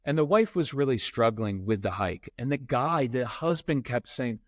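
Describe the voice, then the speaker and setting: A middle-aged man, a parenting expert appearing as a podcast guest, tells stories in a conversational interview and animatedly acts out the people he quotes. His mid-range voice moves at a moderate pace with few pauses. The studio-quality recording has no echo.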